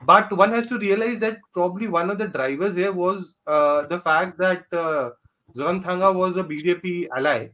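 A man's voice: high-pitched, normal speed, pushed and bright. Man musing over politics, sarcastic. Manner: thoughtful, many fillers, dry sarcasm. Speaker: podcast panelist. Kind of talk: casual political discussion.

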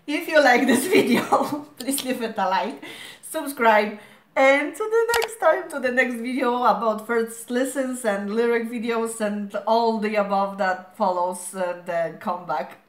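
A woman hosting a reaction video, gushing as an excited fan with a hoarse voice worn out from screaming. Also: a little high, unhurried, slight background noise. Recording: echoey room.

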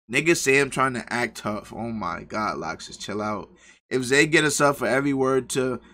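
A young man hosting a livestream, giving slangy, profane reaction commentary with excitable outbursts. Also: mid-range voice. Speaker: livestream host.

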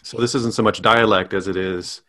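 A middle-aged man, a guest actor, playing around with silly accents and laughing often in a relaxed improv chat. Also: lowish voice, normal speed.

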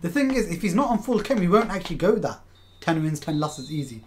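A man's voice: a little high, very animated, fairly quick, a little hiss or hum. A young man commentating his own football video game match live, swearing often and talking to his chat as "lads". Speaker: game streamer.

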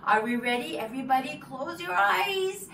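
A woman's voice: sits high, lively intonation, moderate pace, gravelly, slight background noise. A woman storyteller leading preschool children through a story, coaxing them to join in and counting out actions. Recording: roomy echo from a distance, soft music.

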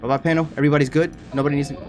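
A young man streaming a horror game, chattering to viewers in an excitable, panicky way. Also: on the high side, very fast, background noise. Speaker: gaming streamer. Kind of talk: horror game let's play commentary.

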